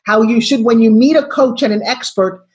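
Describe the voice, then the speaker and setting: A woman in her sixties, a guest on a video call interview, telling her story in an expressive, dramatic way. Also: fairly high pitch, moderate pace.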